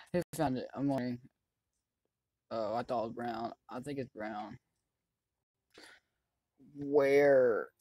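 Excitable let's-play host, chatty commentary with sudden yelling, mid pitch, dry close mic. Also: slow pace, pauses often, no room sound. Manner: excitable, yells at other players; chatty running commentary on the game. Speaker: gaming channel host.

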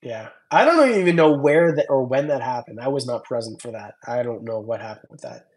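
A young man runs a casual livestream for his reptile channel, rambling while he reads comments and thanks viewers by name. His mid-range voice is fairly quick, a little mellow, and lively in intonation.

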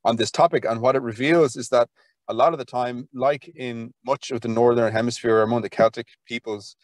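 An Irish man speaking as a guest in a relaxed interview, his voice at an ordinary middle pitch. He talks with eager enthusiasm, restarting sentences and padding them with fillers. The recording is dry and close, with no room sound. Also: brisk, no echo. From Ireland. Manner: enthusiastic, rambling, full of "kind of" fillers and restarts. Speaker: podcast guest, folklore archivist. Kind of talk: conversational interview.

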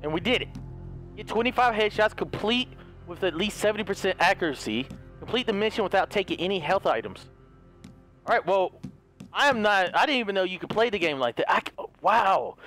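A man with a high voice that has gone hoarse, reacting loudly and excitably as he plays. He swears freely and keeps up a running casual commentary. Faint music sits behind him. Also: brisk. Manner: excitable, swears often, talks to his horse. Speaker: gaming video host. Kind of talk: casual let's-play commentary.

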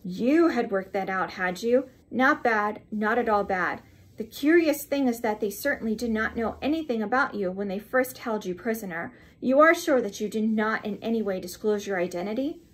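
A woman's voice: fairly high pitch, expressive. Sir James, a woman reading a dry, grave lawyer. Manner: crisp, questioning, measured.

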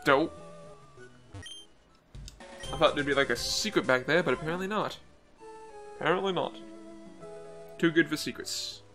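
A man's voice: fairly high pitch, moderate pace, pauses often, fairly bright tone. A man giving casual, sarcastic commentary with crude jokes while playing a game. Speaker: gameplay commentator. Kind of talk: let's play commentary. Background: faint game music.

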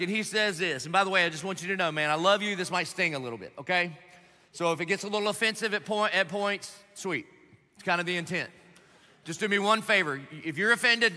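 Male pastor, lively sermon, animated and joking, very bright forceful voice, long church hall reverb. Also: high voice. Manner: animated, joking, emphatic and direct with the congregation. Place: large church auditorium.

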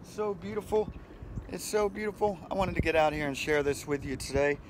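A man's voice: fairly high pitch, brisk, slight background noise. A middle-aged man hosting a casual motivational vlog outdoors by the water, talking into a handheld phone in a friendly, rambling way with frequent chuckles. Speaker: vlog host. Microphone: handheld phone camera.

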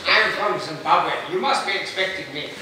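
A man's voice: high-pitched, expressive, a little fast. A man putting on a vain, pleading old dictator. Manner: pleading, self-important. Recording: echoey, noisy, far from mic.

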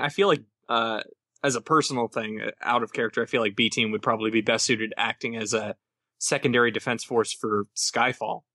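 A man at a tabletop game, working through a strategy out loud with the group. His voice is of middling pitch and bright and forceful, and the recording is dry and close. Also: no room sound. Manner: thinks aloud while planning strategy. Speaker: player.

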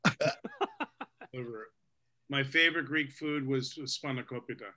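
A man's voice: medium pitch, unhurried, sharp tone. A man, a guest actor on a video-call podcast, telling jokey stories about growing up. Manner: jokey, storytelling. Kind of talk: casual podcast chat.

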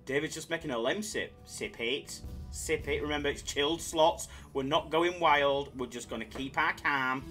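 A man's voice: fairly high pitch, normal speed, bright, forceful tone, soft background music. A man hosting a casual live stream, bantering with chat in a laid-back way.

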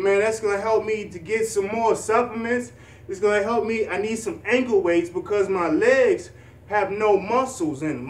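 Sitting a little distant from his mic, a young male vlogger lets room echo into his motivational talk. His fairly high voice rambles along in an earnest, encouraging way, and he frequently restarts what he's saying.

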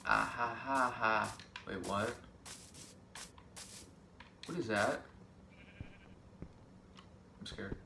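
A man's voice: fairly low pitch, extremely slow, vocal fry, long pauses, bright, forceful tone, recorded from a distance. A young man giving casual game commentary, joking to himself and yelping when startled. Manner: jumpy, yelps and shrieks when startled, joking self-talk. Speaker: gaming vlogger. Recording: echoey room, off-mic, noisy background.

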